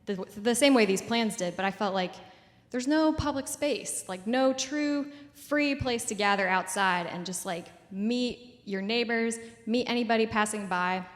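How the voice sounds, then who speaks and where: A woman's voice: medium pitch, in a large hall. A woman in her twenties giving a casual public talk at a community event, full of "like" and "um" fillers. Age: 20s.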